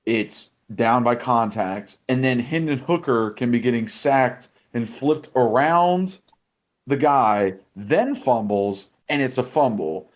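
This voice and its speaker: A man's voice: mid-range voice, animated, takes it slowly. A young man co-hosting a sports podcast, ranting heatedly about referees with frequent swearing. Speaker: podcast co-host, former offensive lineman. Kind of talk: casual sports podcast chat.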